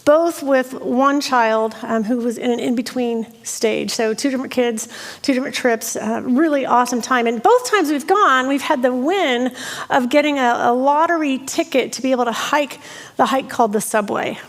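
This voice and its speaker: Woman, 50s, pastor, high voice, animated personal storytelling, self-deprecating sermon. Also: normal speed, in a large hall.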